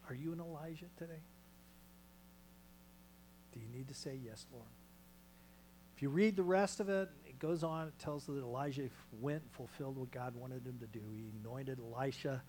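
Pastor preaching with hushed, dramatic swings. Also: male voice, medium pitch, steady tone, normal speed, a little hiss or hum, low-quality recording. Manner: dramatic swings from loud calls to hushed near-whispers. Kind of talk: sermon. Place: small church.

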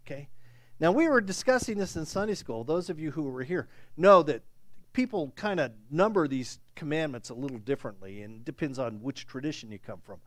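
A man's voice: a little high, expressive, fairly quick, a bit bright, no echo. A male pastor preaching a sermon, speaking in a conversational way and checking in with "okay?".

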